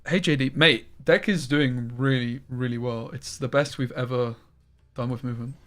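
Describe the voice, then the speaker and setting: A man streaming a card game live, chatting casually with viewers and breaking into loud exclamations. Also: mid-range voice, steady tone, normal speed. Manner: chatty, talks to chat, bursts into loud exclamations.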